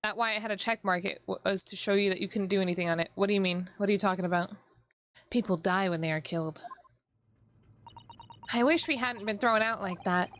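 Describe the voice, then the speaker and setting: A woman's voice: medium pitch, fairly even intonation, fast talker, few pauses, a bit bright, slight background noise. A woman streaming a video game, chatting casually with her viewers, giggling, and reading the game's lines aloud in playful voices. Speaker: VTuber streamer.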